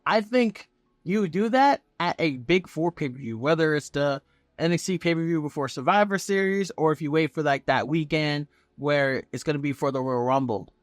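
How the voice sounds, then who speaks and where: A man talking as a vlogger, giving casual fan commentary in an excitable, profane, rambling way. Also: a little high, dry recording, clean studio sound. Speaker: wrestling vlogger.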